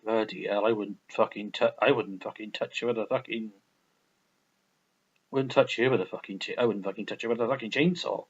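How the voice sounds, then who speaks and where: A man's voice: lowish voice, fairly even intonation, a little fast, slightly rough, highs cut off. A man ranting casually about old video games, rambling, swearing a lot and repeating himself. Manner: rambling, profane, repetitive. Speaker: gaming vlogger. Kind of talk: casual game review rant.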